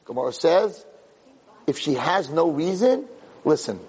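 A middle-aged man, a rabbi, giving a Torah class as an animated storyteller who repeats words as he restarts his sentences. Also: fairly high pitch, unhurried, slight background noise.

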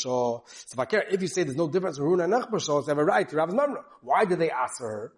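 Rapid-fire teacher, man. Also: fairly high pitch, lively intonation. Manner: rapid, mixing English with Hebrew and Yiddish terms. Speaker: Talmud teacher. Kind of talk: yeshiva-style Talmud class.

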